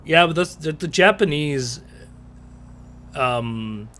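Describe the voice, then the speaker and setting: A man's voice: on the high side, expressive, takes it slowly, a bit bright. A young man from the Netherlands, rambling casually while streaming a game. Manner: rambling, chatty, many fillers and restarts. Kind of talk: casual live-stream gaming chat. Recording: faint game ambience behind.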